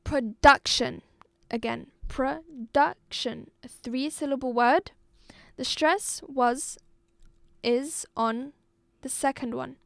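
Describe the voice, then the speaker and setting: A woman with a high voice, from Algeria, teaches an English exam-review lesson at an unhurried pace. She repeats each word and spells it out carefully for her pupils. The sound is dry and close, with no room around it. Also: gravelly, no echo. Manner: slow, deliberate, repeats and spells out words for pupils.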